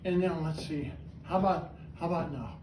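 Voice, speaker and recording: A man hosting a trained parrot show, chatty and animated as he coaxes his bird through its tricks. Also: fairly high pitch, moderate pace, background noise. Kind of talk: showman's patter with a pet bird. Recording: echoey room, voice from far off, faint ambience.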